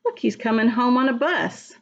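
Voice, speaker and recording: A woman reading a picture book aloud to young children, gently pausing to ask them questions. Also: on the high side, expressive, creaky, muffled recording. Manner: slow, gentle, asks the listener questions. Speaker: early-childhood reader.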